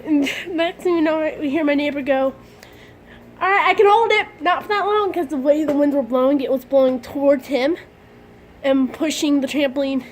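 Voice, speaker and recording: Excitable high-voiced young woman vlogging. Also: moderate pace, slight background noise. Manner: excitable, dramatic, giggly. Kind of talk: casual storytelling vlog.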